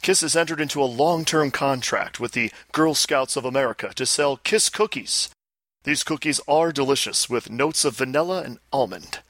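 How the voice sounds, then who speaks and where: A man's voice: mid-range voice, moderate pace, fairly bright tone, dry recording, lightly acted. A man putting on a boastful, pompous rock star impression on a podcast.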